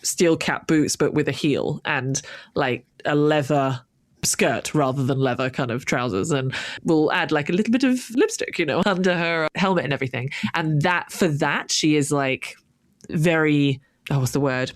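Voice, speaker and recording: A woman's voice: low voice, normal speed, no echo, studio quality. A woman co-hosting a podcast in casual chat, rambling enthusiastically with frequent laughs and fillers. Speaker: podcast co-host.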